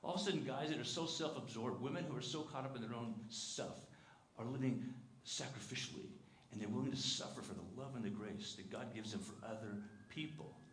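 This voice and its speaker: Earnest pastor preaching in an echoey sanctuary. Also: male voice, a little fast. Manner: earnest, rising to emphatic exclamations, dropping soft and low for tender lines; lively storytelling, putting on character voices in quotes. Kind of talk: sermon. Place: church sanctuary. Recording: echoey church sanctuary with faint room noise.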